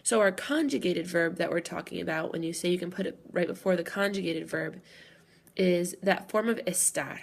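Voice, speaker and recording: A woman's voice: lowish voice, moderate pace, creaky, slight background noise. A woman teacher explaining grammar patiently, step by step, in a recorded lesson. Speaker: Spanish teacher.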